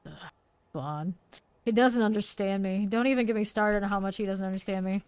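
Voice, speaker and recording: A woman's voice: medium pitch, a little fast, a little mellow, clean tone, no echo, rough recording. A woman game streamer chatting casually and playfully while she plays, laughing often and exclaiming. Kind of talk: casual chat while live gaming.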